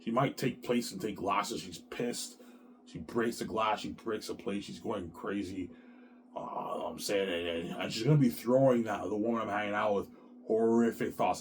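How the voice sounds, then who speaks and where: A man's voice: on the low side, moderate pace, slight background noise. A man in his thirties talking in an agitated, repetitive rambling monologue, swearing a lot. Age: 30s. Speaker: vlogger.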